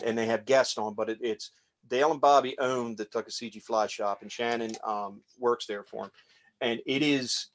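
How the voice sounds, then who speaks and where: A man casually talking through a fly tying demonstration as he works, relaxed and rambling. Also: medium pitch. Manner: relaxed, rambling, talks while working.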